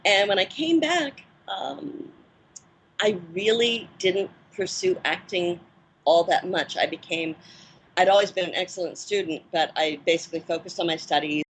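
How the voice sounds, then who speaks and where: A woman in her fifties speaks in a lowish, calm register, thinking back on her early acting days. She talks at an easy, measured pace with gentle "ums" along the way. A faint hiss of background noise sits under her voice. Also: low-quality recording. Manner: reflective and measured, with soft fillers. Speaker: guest, former child actress and film producer. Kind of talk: interview reminiscence.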